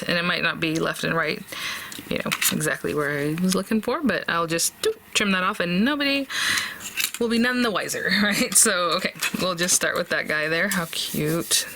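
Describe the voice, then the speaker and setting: A woman's voice: on the low side, animated, fairly quick, gravelly, sharp tone, slight background noise. A woman hosting a casual crafting tutorial, chatting and thinking aloud as she works, with fillers and small laughs.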